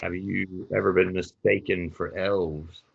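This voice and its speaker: A man playing a tabletop game, asking curious, halting questions. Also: deep voice, little pitch movement, vocal fry, slightly rough, narrow, tinny audio. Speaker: player. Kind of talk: tabletop role-play questioning.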